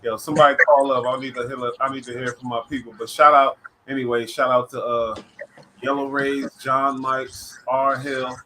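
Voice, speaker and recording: Male stream host, mid-pitched, casual slangy delivery, faint background hiss. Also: little pitch movement, normal speed. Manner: laid-back slang-heavy talk, shout-outs to chat. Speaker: livestream host. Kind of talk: casual live-stream chat.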